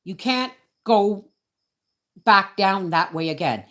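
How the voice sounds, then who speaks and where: A man's voice: sits high, lively intonation, slow pace, bright, forceful tone, heavily acted. A woman voicing a young male police officer at a checkpoint who insists and repeats "madame" with attitude. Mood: insistent.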